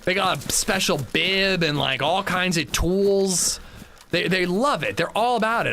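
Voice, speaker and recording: A young man streams a video game and chats casually with viewers, loose and profane, reading and answering chat as he plays. His high-sitting voice is animated, bright and forceful at a measured pace, with a little hiss or hum.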